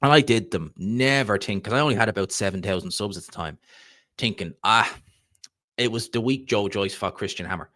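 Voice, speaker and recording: A man's voice: lowish voice, a little fast, a bit bright, no echo, clean studio sound. A man with a Dublin Irish accent hosting a casual live stream, rambling chattily and reading out viewer comments. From Ireland. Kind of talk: casual live-stream chat about boxing.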